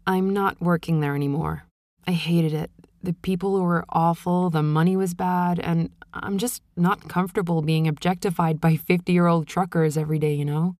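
A woman's voice: lowish voice, steady tone, normal speed, a little mellow, no echo, studio quality, close to an everyday voice. A woman voicing a weary young ex gas-station worker grumbling about her old job in an accent reel monologue. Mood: fed up. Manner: weary, complaining.

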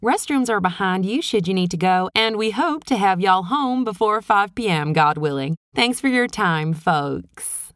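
A woman voicing a brisk female official, directing a line of people. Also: mid-range voice, expressive, a bit bright, dry recording, studio quality. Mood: officious.

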